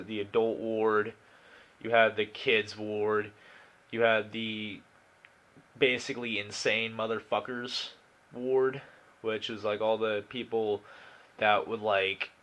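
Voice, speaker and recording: A man's voice: lowish voice, a bit bright. A nineteen-year-old man telling a story in a casual, rambling way, with lots of swearing, fillers and restarts.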